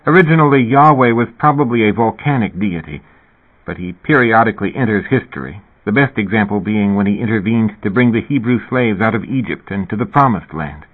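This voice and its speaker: A man voicing a calm, devout young woman who explains things reasonably, his voice lifted a little higher. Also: normal speed, slightly rough. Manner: calm, reasonable, lightly pitched-up. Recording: tinny phone-like radio sound.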